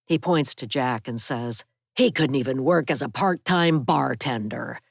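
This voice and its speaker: A woman narrator voicing a pushy older male loan shark with a gravelly voice, in an audiobook. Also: very deep voice, unhurried, dry recording, clean studio sound, full character voice. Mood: menacing.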